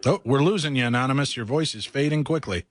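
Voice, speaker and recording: A man's voice: mid-range voice, fast talker, dry recording, studio quality. A man hosting a late-night radio talk show, chatty and jokey as he takes callers and runs promos. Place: radio studio.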